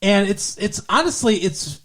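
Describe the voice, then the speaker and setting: A man's voice: sits high, big pitch swings, measured pace, a bit bright. A man co-hosting a podcast, recapping a TV episode in a loose, rambling way with plenty of swearing and filler words. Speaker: podcast co-host. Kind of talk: casual chat recapping a TV episode.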